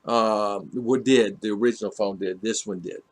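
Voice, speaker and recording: With a voice on the low side, fairly even intonation, and a moderate pace, a man rambles through viewer comments he reads aloud. It's a casual livestream from his home in the Philippines, full of fillers and restarts.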